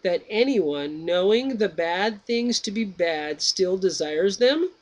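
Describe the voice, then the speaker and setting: A man voicing the philosopher Socrates, reading his questions slowly and deliberately. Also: sits high, animated, voice pushed up, heavily acted. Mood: probing. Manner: slow, measured, drawn-out reading. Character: Socrates, old male Greek philosopher, patient questioner.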